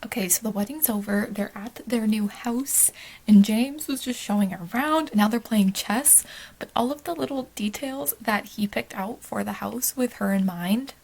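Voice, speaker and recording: Excitable young woman with vocal fry. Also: fairly high pitch, normal speed. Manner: excitable and gushing, fretting aloud and laughing often. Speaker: book vlogger. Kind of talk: casual reading vlog chat.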